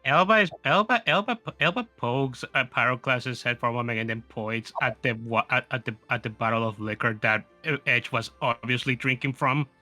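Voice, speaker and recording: Man, tabletop player, stammering restarts, very bright edgy tone. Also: medium pitch, brisk, few pauses, dry recording, soft background music. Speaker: tabletop role-play player. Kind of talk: in-character role-play chat.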